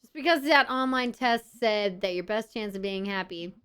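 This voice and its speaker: A woman's voice: medium pitch, normal speed, fairly bright tone, clean tone, lightly acted. A woman streamer reading the lines of an awkward, sarcastic young adult cat woman in a game. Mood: self-mocking.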